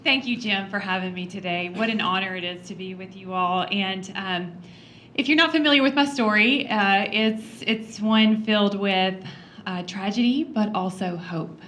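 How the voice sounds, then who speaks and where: A woman's voice: medium pitch, fairly even intonation, normal speed, slight background noise. Earnest woman telling a personal story. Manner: earnest storytelling, soft laughs, frequent ums. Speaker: congresswoman giving a talk. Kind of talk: heartfelt personal speech. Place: breakfast event room.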